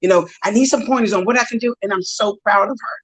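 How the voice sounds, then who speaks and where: A woman strength coach as a podcast guest, speaking in a lively way and acting out the people she quotes. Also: mid-range voice, quick pace, poor audio. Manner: lively storyteller, acts out quoted dialogue. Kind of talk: casual interview.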